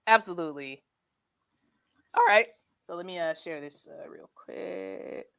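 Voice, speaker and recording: A woman with a slightly low voice hosts a relaxed livestream chat and reads viewer comments aloud. She talks in an animated way and laughs often, calling her audience "y'all". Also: unhurried, clean tone. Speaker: livestream host.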